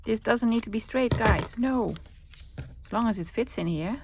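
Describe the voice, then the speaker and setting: A woman's voice: high-pitched, fairly even intonation, moderate pace, darkish tone, slight background noise. A woman with a Dutch accent chatting casually while crafting at her desk, thinking aloud and answering her own questions. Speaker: crafting vlogger.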